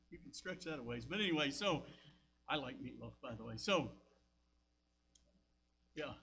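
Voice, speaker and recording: A man's voice: mid-range voice, noisy background. An older man with a Southern American accent, preaching a sermon as pastor, telling folksy stories with frequent asides. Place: church sanctuary.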